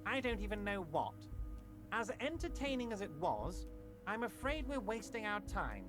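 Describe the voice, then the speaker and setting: Smug union boss in a game, bouncy talk, music under it. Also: male voice, sits high, big pitch swings, normal speed. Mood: dismissive. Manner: smooth, patronizing, falsely reassuring. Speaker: union leader. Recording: game audio with music behind.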